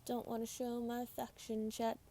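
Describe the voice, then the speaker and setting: A woman's voice: a little high, monotone, normal speed, mellow. A tired woman streaming a mobile game at home, chatting casually and rambling about her team. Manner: rambling, chatty, self-deprecating. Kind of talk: casual gameplay commentary.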